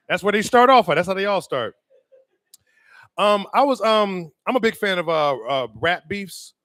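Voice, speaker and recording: A man's voice: high voice, animated, measured pace, long pauses, fairly bright tone, no echo, clean studio sound. A man hosting a comedy show, bringing up the next act and chatting with the crowd. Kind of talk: stand-up hosting.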